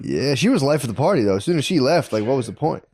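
A man's voice: mid-range voice, big pitch swings, fast talker, darkish tone, slightly rough, dry recording. A man in casual chat, bantering with crude, joking remarks.

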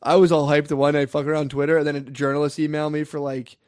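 A man's voice: on the high side, flat delivery, fast, darkish tone, no echo, studio quality. A young man in casual podcast banter, crude and hyped, peppering his talk with "dude". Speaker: podcast co-host.

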